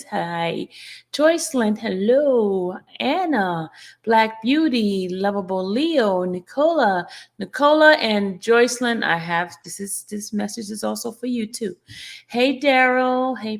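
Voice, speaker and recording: A woman hosting a casual livestream, greeting her viewers one by one and laughing as she teases them. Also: medium pitch. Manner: playful, greeting viewers by name; laughs often while teasing the audience. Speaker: livestream host.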